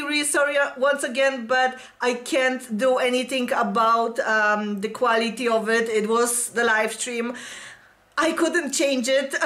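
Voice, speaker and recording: A woman hosting a reaction video, gushing and squealing and singing along while music plays behind her. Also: on the high side. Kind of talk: excited reaction commentary. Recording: music playing loudly behind. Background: pop music playing.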